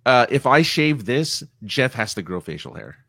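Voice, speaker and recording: A man co-hosting a casual chat, animated and self-mocking, laughing often. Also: medium pitch, moderate pace, creaky, no echo, clean studio sound.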